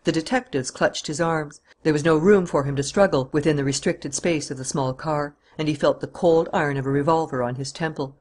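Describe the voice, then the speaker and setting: Husky-voiced male audiobook narrator. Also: fairly high pitch, fairly quick, few pauses.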